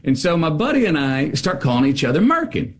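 A middle-aged man spinning an anecdote as a guest, his pitch leaping up and down as he acts out the characters. He talks in a lively storyteller's way, breaking into laughter between lines. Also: fairly quick. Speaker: guest author. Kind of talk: animated storytelling.

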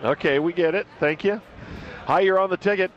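A man hosting a radio sports call-in show, taking caller votes with quick, wry remarks and easy laughs. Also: sits high. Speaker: radio sports talk host. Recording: dull lo-fi radio broadcast.

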